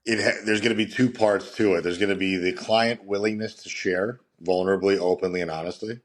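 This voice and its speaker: Very deep-voiced male podcast host. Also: fairly even intonation, fairly quick. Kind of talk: casual podcast interview.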